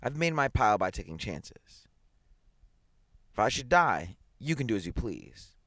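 A man's voice: on the low side, very animated, measured pace, a bit bright, no echo, clean studio sound, exaggerated voice. A man voicing a ruthless, vindictive businessman who speaks harshly and chuckles at his wife's fears. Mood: cold gloating.

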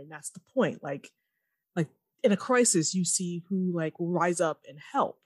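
A woman's lowish, slightly rough voice comes through clean studio audio with no room sound. Co-hosting a casual podcast, she recaps a TV episode and animatedly acts out the characters' lines in quick impressions.

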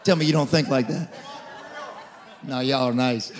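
A man in his forties preaching a sermon as lead pastor, passionate, swinging from shouted declarations to quiet storytelling. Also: mid-range voice, moderate pace, a faint crowd, slight background noise. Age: 40s. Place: church auditorium. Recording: church hall reverb.

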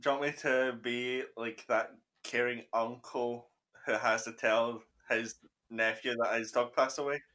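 Dry, teasing man, bright voice. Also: medium pitch, steady tone, a little slow. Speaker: podcast co-host. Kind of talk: casual gaming podcast chat.

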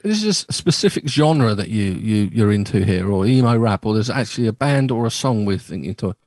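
A man's voice: lowish voice, expressive, a little fast, a little mellow, no echo. A middle-aged man from Bristol, hosting a casual radio chat and telling rambling stories with many restarts. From Bristol, England. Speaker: radio show host. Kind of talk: casual chat on a remote call.

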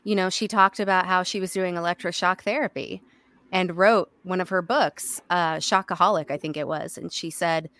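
A woman's voice: on the low side, moderate pace, no echo. A woman voice actor and podcast guest, telling stories animatedly and acting out the lines she quotes. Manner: animated storyteller who acts out quoted lines. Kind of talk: casual podcast chat.

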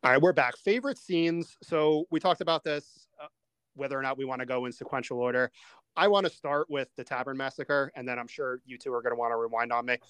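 A man hosting a casual movie-review podcast, steering the talk with lively asides and questions to his co-hosts. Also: medium pitch, clean tone, no room sound. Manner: animated, quick asides, steers the discussion. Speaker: podcast host.

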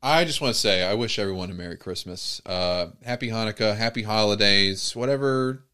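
A man's voice: on the low side, fairly quick, sharp tone, clean tone. A man co-hosting a casual chat, joking wryly and laughing often. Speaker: podcast co-host.

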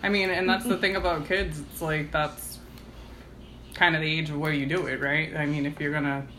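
A woman's voice: low-pitched, level tone, moderate pace, fairly bright tone, slight background noise. A woman co-hosting a casual podcast discussion, telling stories in a rambling way full of fillers. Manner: rambling, filler-heavy storytelling. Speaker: podcast co-host.

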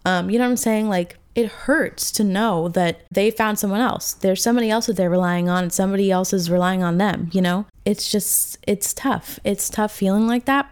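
A woman's voice: mid-range voice, smooth. A woman in her twenties hosting a solo podcast, talking in a candid, rambling, emotional way, full of fillers and restarts. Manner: emotional and reflective. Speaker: podcast host. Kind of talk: casual solo podcast monologue.

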